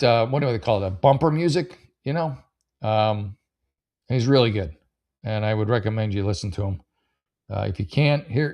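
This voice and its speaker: A male podcast host with a medium-pitched, darkish voice rambles through online posts in casual chat. He gives blunt advice, using lots of fillers and some swearing.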